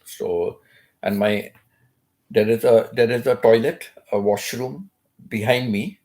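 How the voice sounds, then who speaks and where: A man's voice: fairly low pitch, fairly even intonation, slow pace, a little mellow. An older man, a grandfather, talking casually to camera at home in a wooden house, repeating his phrases and chuckling at himself. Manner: repetitive, chatty, laughs at himself. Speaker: channel host. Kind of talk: casual vlog talk.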